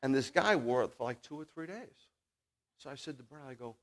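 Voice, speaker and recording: Male preacher, animated and folksy; big volume swings, talks straight to the room. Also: medium pitch, a little fast. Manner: animated, swings from loud declaring to near-murmured asides. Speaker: congregation leader preaching. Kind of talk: sermon with personal storytelling. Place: Shabbat service in a congregation.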